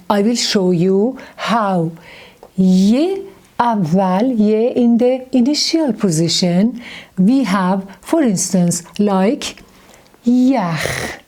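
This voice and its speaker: A woman with a Persian accent gives a slow, patient beginner lesson. She repeats each letter and word, and her voice sounds mellow and dark. Her speech is measured and unhurried. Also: medium pitch. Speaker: Persian language teacher.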